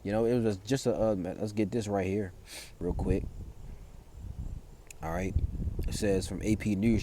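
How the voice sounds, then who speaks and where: A male preacher giving an informal commentary that mixes scripture and news. His voice sits low and mellow, and he reads passages aloud before talking them through in loose, halting speech with many fillers and restarts. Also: a little hiss or hum. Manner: reads verses aloud, then explains them.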